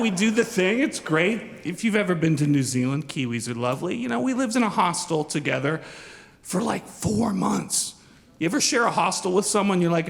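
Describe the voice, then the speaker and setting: A man in his forties from Eastern Washington, telling a personal story on stage in a self-deprecating, animated way. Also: on the high side, big-room sound. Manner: self-deprecating, animated, acts out quoted lines. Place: stage in a large hall.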